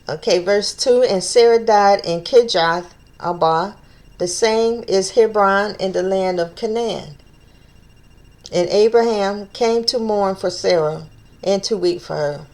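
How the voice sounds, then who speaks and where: A woman's voice: mid-range voice, a little mellow. A woman leading an informal Bible study, reading scripture aloud and stopping to think aloud about it, stumbling over old names and repeating phrases as she works things out.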